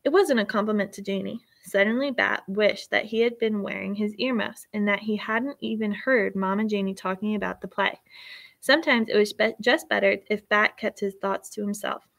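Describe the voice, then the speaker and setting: Woman reading a children's story, gravelly. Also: medium pitch, fairly even intonation, normal speed, fairly bright tone. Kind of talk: storybook read-aloud.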